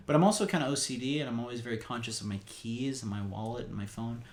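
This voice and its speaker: A man's voice: mid-range voice, quick pace, a little hiss or hum. A man co-hosting a podcast, joking around with crude banter in casual chat. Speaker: podcast co-host.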